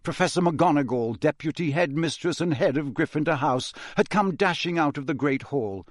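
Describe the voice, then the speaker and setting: A man reads a novel aloud in steady, measured narration. His voice sits a little high for a man, and the recording is dry and close with no room sound. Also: dry recording. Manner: measured, even storytelling delivery. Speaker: audiobook narrator. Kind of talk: scripted storybook narration.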